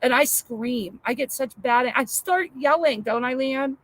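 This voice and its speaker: A middle-aged woman chatting casually as co-host, telling animated stories about her home and family. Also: high-pitched, unhurried, slight background noise. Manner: chatty, animated storyteller acting out her daughter. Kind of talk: casual chat.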